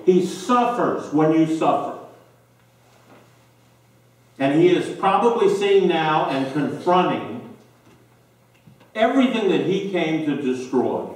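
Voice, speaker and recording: Slow, emphatic preacher in an echoey church. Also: male voice, sits high, a little mellow, distant mic. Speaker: pastor. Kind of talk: sermon. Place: church sanctuary.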